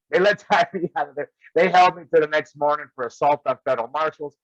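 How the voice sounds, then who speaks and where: A man's voice: a little high, fast talker, dry recording. A man, a wrestling guest, telling old road stories in casual chat and laughing often as he goes. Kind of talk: casual storytelling. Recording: dull, lo-fi sound.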